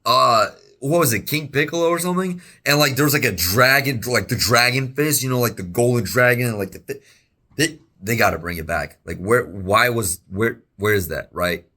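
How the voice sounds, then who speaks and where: A young man giving casual reaction commentary, excitable and rambling, with slangy exclamations, recorded on an earbud mic. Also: mid-range voice, moderate pace. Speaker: reaction video host. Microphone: wireless earbud mic.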